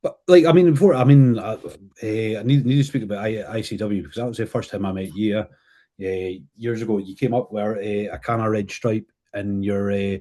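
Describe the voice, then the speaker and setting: A man's voice: fairly low pitch, mellow. A man hosting a podcast, speaking hesitantly with many restarts. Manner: hesitant, halting. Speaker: podcast host. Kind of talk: casual chat.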